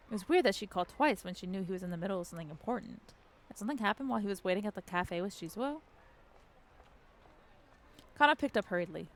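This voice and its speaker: A woman's voice: medium pitch, fairly bright tone. A woman streaming a story game, reading the text aloud and chatting casually with the odd swear. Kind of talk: casual let's-play narration.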